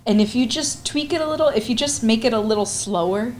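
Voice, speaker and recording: A young woman hosts a horror movie podcast in a playful, animated way and laughs easily. Her voice sits a bit high. A faint hiss of background noise runs underneath. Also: fast. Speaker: podcast host. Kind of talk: casual chat.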